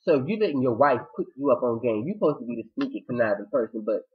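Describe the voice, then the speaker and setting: Excitable man recapping a TV episode. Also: mid-range voice, fast talker, slightly rough, phone-quality sound. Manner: excitable, chatty, retells scenes with dramatic quoted asides. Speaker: TV episode reviewer. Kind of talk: casual recap vlog.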